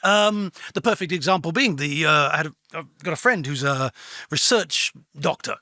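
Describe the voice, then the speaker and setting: A man's voice: on the high side, moderate pace, no echo, studio quality. A man co-hosting a casual chat, telling stories and acting out the people he quotes. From Britain. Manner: animated storyteller who acts out quoted voices. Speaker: co-host.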